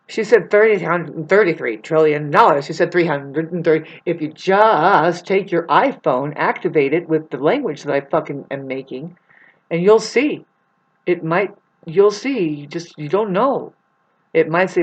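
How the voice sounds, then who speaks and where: A woman rambles through a spiritual monologue with plenty of swearing, her voice a touch low. She drifts from soft asides to loud bursts. The recording is dull and lo-fi. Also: normal speed. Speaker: vlogger.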